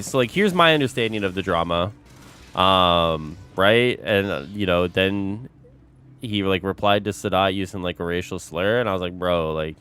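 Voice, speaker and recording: A man's voice: sits low, clean tone. A young man streaming, chatting casually with his audience, swearing a lot and calling everyone bro. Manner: animated, swears a lot, says bro constantly.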